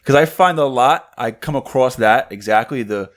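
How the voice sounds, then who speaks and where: Relaxed guy on a podcast, just chatting, lotta likes and ums. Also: medium pitch, normal speed. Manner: relaxed, conversational, lots of fillers. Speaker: podcast co-host. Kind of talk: casual chat.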